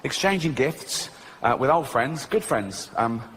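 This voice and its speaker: A man's voice: mid-range voice, expressive, unhurried, a bit bright. A middle-aged man, doing a dry, mocking stand-up routine. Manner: dry, mocking, acts out voices. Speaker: stand-up comedian. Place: live comedy venue. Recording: echoey hall with ambient noise.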